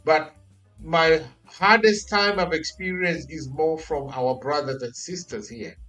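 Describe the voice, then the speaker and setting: A man from Kenya tells stories in a relaxed chat, his voice sitting a little high. He talks in an animated way and often repeats his words. Soft music plays faintly under him. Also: measured pace, poor audio. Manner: animated storytelling, repeats phrases. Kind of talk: casual chat.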